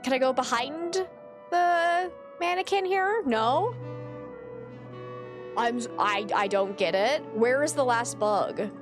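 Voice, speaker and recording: A woman's voice: high voice, expressive, takes it slowly, music in the background. A woman streamer chatting casually while playing a game, exasperated and swearing casually as she goes. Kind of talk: casual gameplay commentary.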